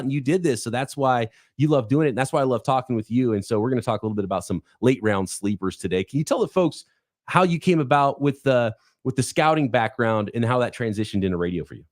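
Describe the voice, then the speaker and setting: Male host, middle pitch, loose chatty intro style. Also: no echo, clean studio sound. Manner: chatty, self-deprecating. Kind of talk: casual chat.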